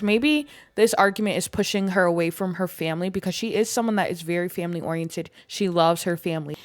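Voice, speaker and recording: A woman's voice: on the low side, no room sound, studio quality. Chatty young woman narrating gameplay. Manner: chatty, filler-heavy storytelling, voicing game characters' thoughts. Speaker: gaming YouTuber. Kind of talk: casual gameplay commentary.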